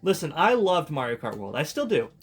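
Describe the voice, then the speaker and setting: A man's voice: on the high side, big pitch swings, a little fast, slightly rough. A young man giving casual, chatty commentary while playing a video game, full of fillers and sudden outbursts. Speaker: gaming video host.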